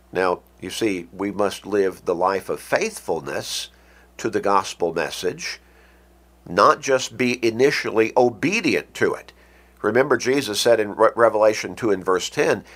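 A man with a fairly low voice preaches a radio sermon. He speaks slowly and deliberately, leaning hard on key words as he quotes scripture. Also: a bit bright. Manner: emphatic, slow and deliberate, quoting scripture.

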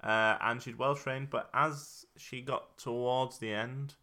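A man's voice: mid-range voice, steady tone, takes it slowly, sharp tone. A young man, telling a story in a casual podcast chat, rambling and correcting himself as he goes. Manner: rambling, self-correcting, laughs at own jokes. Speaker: podcast co-host.

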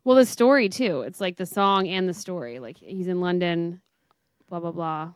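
A woman's voice: fairly low pitch, normal speed, smooth, dry recording. A young woman co-hosting a podcast, casual and wry, with offhand teasing remarks. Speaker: podcast co-host. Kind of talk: casual chat.

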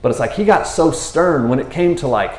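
Animated man preaching in an echoey room. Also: fairly high pitch, fairly quick. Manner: animated, acts out voices of the disciples. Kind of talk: casual sermon.

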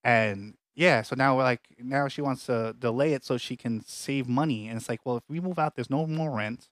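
A man at a mid pitch co-hosts a podcast from home. He tells the story casually, with many restarts and animated reenactments of what others said, and the sound is close and dry, with no room echo. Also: normal speed. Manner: rambling, frequent restarts, animated retellings. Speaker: podcast co-host. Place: home apartment.

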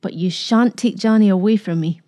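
A woman's voice: medium pitch, moderate pace, mellow, close to an everyday voice. A woman voicing a proud, fiercely loving old grandmother who talks defiantly, her voice trembling as she pleads. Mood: bitter.

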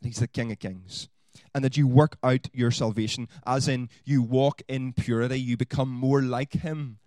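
Preacher, dry close sound. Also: male voice, medium pitch, moderate pace, dry recording. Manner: animated, rising to loud exhortation then dropping to quiet asides. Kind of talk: sermon.

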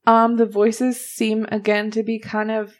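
A woman narrating a tabletop game as game master, slow and easygoing, with small laughs. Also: on the high side, completely flat delivery.

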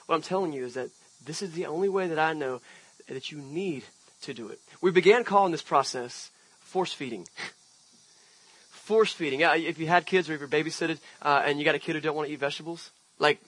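A man's voice: on the high side, brisk, fairly bright tone, poor audio. A man preaching an outdoor sermon as pastor, telling a personal story in a conversational way with emphatic swells. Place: outdoor park service.

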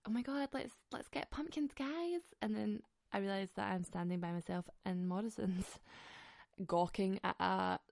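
A woman's voice: mid-range voice, creaky, no room sound, studio quality. A woman, hosting a podcast and ranting in a casual, comic monologue, often giggling and swearing. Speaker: podcast host.

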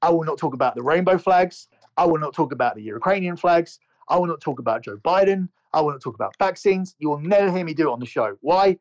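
Animated and quick, a man with a somewhat high voice co-hosts a podcast. He rants heatedly, swearing and repeating words as he goes.

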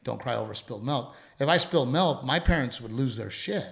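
A middle-aged man co-hosting a casual chat show, talking in an animated way, acting out quotes and swearing freely. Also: mid-range voice, fairly quick, gravelly. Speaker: podcast co-host.

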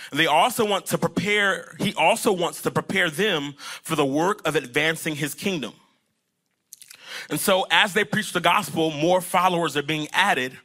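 A young man delivers a lively sermon in a bright, high-pitched voice. His phrasing rises in a sing-song lilt as he builds toward a point, and he acts out little scenes between the biblical figures. The energy is that of a pastor speaking to his congregation. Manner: animated preaching, acts out the disciples and Jesus in quick asides.

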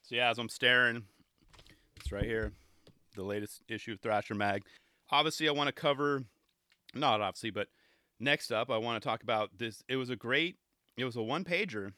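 A man hosting a show, chatting casually and excitedly as he reviews skate video clips, often restarting his sentences and laughing. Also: mid-range voice, moderate pace, pauses often, no echo, studio quality.

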